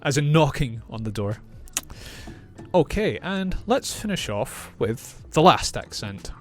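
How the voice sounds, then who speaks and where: A man, an English teacher explaining clearly and repeating words for learners. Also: medium pitch, big pitch swings, takes it slowly, soft background music. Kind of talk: reaction video lesson.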